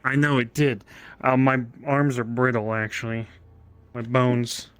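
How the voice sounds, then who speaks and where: A man's voice: medium pitch, steady tone, unhurried, fairly bright tone, smooth, no room sound. Playful young man in VR banter. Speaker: VR role-play player. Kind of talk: casual role-play banter.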